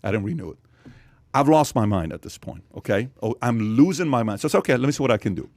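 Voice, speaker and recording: A man hosting a podcast, telling a long story with energy and emphasis, with sudden loud jumps in his voice. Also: mid-range voice, lively intonation, fast, no echo. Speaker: podcast host. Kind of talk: animated storytelling in podcast chat.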